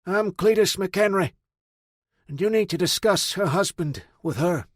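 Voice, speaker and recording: Casting: man voicing gruff old farmer, loud and high, dry studio audiobook read. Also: expressive, measured pace, dry recording. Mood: stern. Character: gruff older male backwoods farmer, wary. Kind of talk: audiobook narration.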